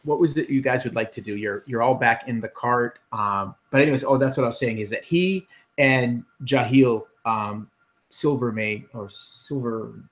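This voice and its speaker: Guy running a d&d session, kinda rambly, lots of ums, regular pitch. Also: normal speed. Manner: rambling, many ums and restarts. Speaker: dungeon master. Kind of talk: narrating a tabletop game.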